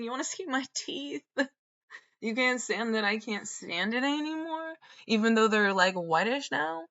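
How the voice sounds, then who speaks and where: A woman's voice: on the high side, expressive, unhurried, a bit bright, lo-fi sound. A woman hosting a podcast, rambling through a solo monologue, swearing and trailing off mid-thought. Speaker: podcast host.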